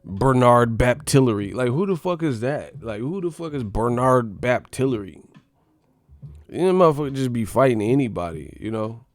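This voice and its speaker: A man's voice: mid-range voice, lively intonation, moderate pace, no room sound. A man doing a profane, mocking casual rant about boxing as the show's commentator. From United States.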